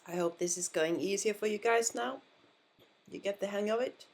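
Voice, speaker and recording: A woman's voice: medium pitch, moderate pace. A woman with a Finnish accent, patiently explaining pronunciation in a language lesson and repeating words to model them. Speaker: language teacher.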